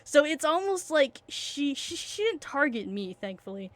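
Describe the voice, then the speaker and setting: A young woman telling a long story in a casual, rambling way, full of fillers and restarts, excitable and often losing her train of thought. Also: high-pitched, normal speed, no echo.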